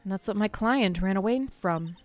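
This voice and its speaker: A woman voicing an earnest young female defense attorney in a soft, hushed reading. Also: medium pitch, normal speed, soft background music, close to an everyday voice.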